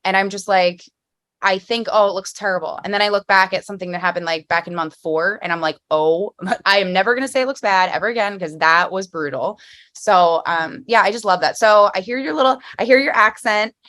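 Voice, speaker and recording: A woman's voice: mid-range voice, fairly quick, a bit bright. A young woman from the Philadelphia area with a Philly accent, hosting a casual podcast interview and rambling with many fillers. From Philadelphia area, USA. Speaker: podcast host.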